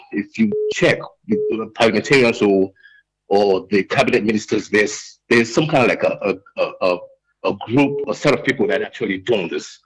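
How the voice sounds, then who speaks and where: A Sierra Leonean man ringing in to a talk radio show. He speaks in a husky, breathy voice. He is agitated and emotional, and he stumbles through restart after restart. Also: fairly low pitch, rough recording. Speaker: radio call-in caller. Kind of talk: impassioned call-in rant.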